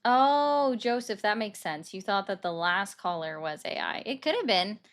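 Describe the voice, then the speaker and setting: A woman's voice: medium pitch, expressive, moderate pace. A woman hosting a live call-in stream from her bedroom, chatting casually about the news and answering viewer comments. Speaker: livestream host taking calls. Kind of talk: casual political commentary chat. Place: bedroom at home. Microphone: desk microphone.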